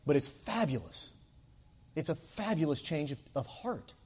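Earnest male preacher, slightly high voice. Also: expressive, normal speed, a little mellow, slightly rough. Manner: earnest, emphatic, repeats phrases for stress. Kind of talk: sermon.

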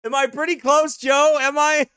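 Very high bright-voiced guy, animated, laughing a lot while telling stories about his photos. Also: moderate pace, no room sound, clean studio sound. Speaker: vlogger showing travel photos. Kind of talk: casual storytelling.

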